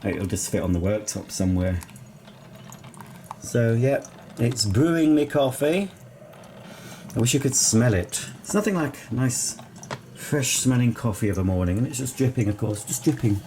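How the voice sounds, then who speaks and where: A man's voice: mid-range voice, normal speed, pauses often, dark tone, slight background noise. Rambling Yorkshire man chatting to camera. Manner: rambling, homely, full of ums. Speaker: vlogger. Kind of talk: casual chat to camera.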